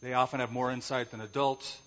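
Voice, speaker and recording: A man's voice: medium pitch, little pitch movement, fairly quick, a bit bright. A male pastor preaching an emphatic sermon, explaining Greek words and posing rhetorical questions. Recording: echoey hall, dull lo-fi sound.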